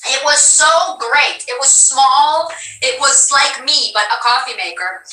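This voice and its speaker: Playful high-voiced woman streamer. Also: lively intonation, unhurried, sharp tone, reverberant, distant mic, poor audio. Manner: playful, joking. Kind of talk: casual stream chat.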